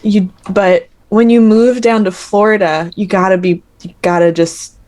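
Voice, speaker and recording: A woman's voice: medium pitch, steady tone, a little slow, darkish tone. A young American woman, an actor guesting on a podcast, chatting casually with bubbly laughter and playful exaggeration. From United States.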